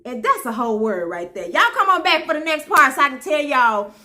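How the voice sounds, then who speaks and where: Animated high-voiced woman telling a story. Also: a little fast. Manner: animated, preacherly, addresses viewers as baby and y'all. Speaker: vlogger. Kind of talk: comedic storytelling vlog.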